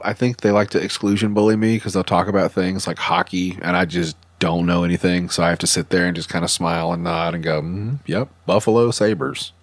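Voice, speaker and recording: Gruff profane man, dry close mic. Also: low-pitched, no room sound. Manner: profane, animated storytelling with loud mock-quotes. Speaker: podcast host. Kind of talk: casual chat.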